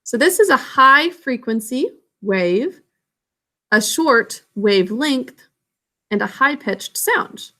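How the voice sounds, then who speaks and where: A woman teacher explaining a science lesson to children. She speaks slowly and patiently in a fairly high voice. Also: animated, bright, forceful tone.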